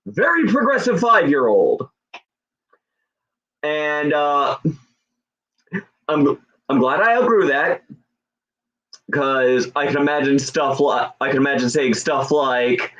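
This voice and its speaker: Guy doing standup, high lively voice, slow deadpan delivery, muffled lo-fi sound. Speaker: stand-up comic. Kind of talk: stand-up comedy set. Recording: dull lo-fi sound.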